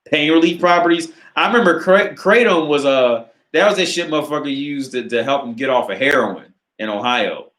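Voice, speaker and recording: A man's voice: a little high, moderate pace, hardly any pauses, fairly bright tone, roomy sound. A man hosting a casual live Q&A on dating, reading out viewer questions and answering in a rambling, profane way full of filler words. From United States. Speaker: dating advice channel host.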